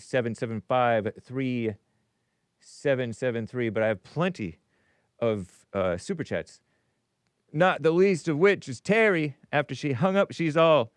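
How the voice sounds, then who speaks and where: A man's voice: medium pitch, clear, resonant tone, no echo. Male show host, casual rambling monologue, lots of restarts, resonant voice. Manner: rambling, animated, with frequent self-interruptions and restarts. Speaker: podcast host. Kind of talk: casual talk show monologue, reading super chats.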